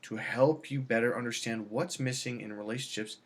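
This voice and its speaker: A man's voice: medium pitch, fairly quick. Rambling, salesy male dating coach. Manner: rambling, salesy, repeats himself. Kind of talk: casual self-filmed vlog.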